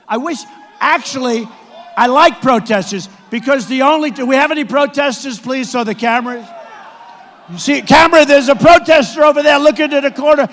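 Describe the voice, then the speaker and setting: A man giving a campaign rally speech to supporters in a big arena, repetitive and boastful, often rising to shouts. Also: very high-pitched, a little fast, a little hiss or hum. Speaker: political candidate addressing supporters. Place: large indoor arena. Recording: echoey arena sound from a PA.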